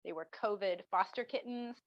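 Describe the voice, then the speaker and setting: A middle-aged woman, a marketing professor, answering interview questions as an animated storyteller who acts out the people she quotes. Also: medium pitch, moderate pace, dry recording. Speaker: marketing professor, podcast guest. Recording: dull dry lo-fi sound.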